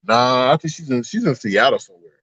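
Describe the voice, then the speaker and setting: A livestream host with a mid-range, slightly breathy voice talks fairly quickly, recorded dry with the highs cut off. He gossips casually to his live chat about online drama, an animated storyteller who acts out the exchanges he quotes.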